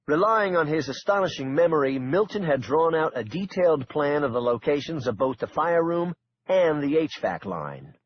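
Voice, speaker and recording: A man giving scripted audiobook narration in an even, steady way. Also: on the high side, moderate pace. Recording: dull lo-fi with faint hiss.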